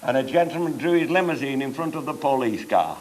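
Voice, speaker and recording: On stage, an older man with a Cheshire English accent, an after-dinner comedian, chuckles through bawdy comic anecdotes. His mid-range, darkish voice moves briskly with lively intonation, in a noisy live recording full of audience laughter.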